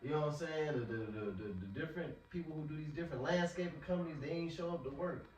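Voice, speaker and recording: A man's voice: a little high, fast, a little mellow, a little hiss or hum. A man preaching in a casual, slangy way, often repeating words as he talks. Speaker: street preacher. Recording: echoey, from far off.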